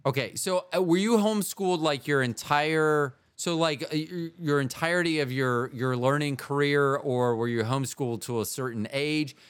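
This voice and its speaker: A man's voice: a little high, normal speed, hardly any pauses, clean tone, no echo. A man hosting a podcast, asking long, rambling, self-correcting questions with goofy jokes. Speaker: podcast host. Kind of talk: casual interview.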